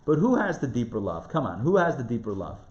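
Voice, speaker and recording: A man's voice: medium pitch, wildly swooping pitch, fast talker, a little mellow. A man who is a rabbi teaching a live class, asking rhetorical questions and repeating phrases for emphasis. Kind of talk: live lecture on Jewish spiritual text. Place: lecture room in front of a live audience. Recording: roomy, somewhat dull live recording.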